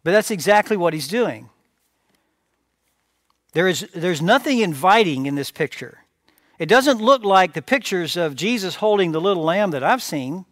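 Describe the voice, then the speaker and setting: A man's voice: sits high, animated, moderate pace, a bit bright, no echo, clean studio sound. A man preaching a sermon as pastor, emphatic, repeating phrases and asking rhetorical questions. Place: church sanctuary.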